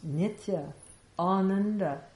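A woman's voice: medium pitch, slow, darkish tone. A woman giving an informal spiritual teaching, talking conversationally with rhetorical questions and light laughs. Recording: echoey room with faint ambience.

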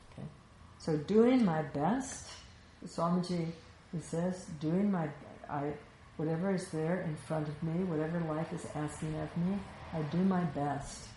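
Woman, spiritual teacher, low pitch, echoey room, reflective conversational talk. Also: darkish tone. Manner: reflective, conversational, frequent "you know". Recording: echoey room with faint ambient noise.

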